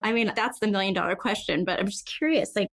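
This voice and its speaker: A woman's voice: medium pitch, quick pace. A woman hosting an interview, chatty and encouraging. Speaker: podcast host. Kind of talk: casual interview chat.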